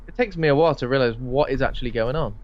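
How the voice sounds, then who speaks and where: A man's voice: medium pitch, very fast. A chatty man co-hosting a horror podcast, swearing freely and acting out bits of dialogue. The audio sounds dull and lo-fi. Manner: chatty, swears, acts out lines in raised voice. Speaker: podcast co-host. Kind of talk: casual film discussion.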